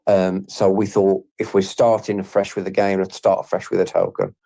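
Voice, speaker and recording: A man talks through his team's project on a casual group audio chat. His voice sits low and sounds mellow and relaxed. He often stops, repeats a word and fills the gaps with fillers. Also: normal speed, gravelly, dry recording. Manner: hesitant, many fillers and restarts. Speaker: game project team member.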